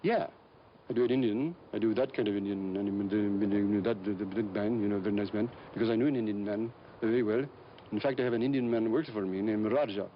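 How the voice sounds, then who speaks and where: A man being interviewed as an actor, telling stories in a relaxed, rambling way with lots of fillers and restarts. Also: on the low side, fast talker. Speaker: actor guest. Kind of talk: casual anecdotal interview talk. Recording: dull lo-fi recording with faint hiss.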